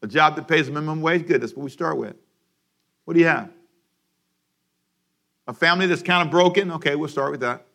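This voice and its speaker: A man preaching a sermon for a daily radio program, animated, and having his congregation repeat lines after him. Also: on the high side, fairly quick, vocal fry, long pauses. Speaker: pastor.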